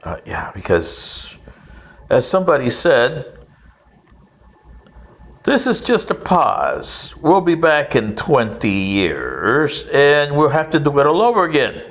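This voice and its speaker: A man's voice: fairly high pitch, sing-song, takes it slowly, fairly bright tone. A man, older, giving a rambling history monologue with sarcastic, mocking asides.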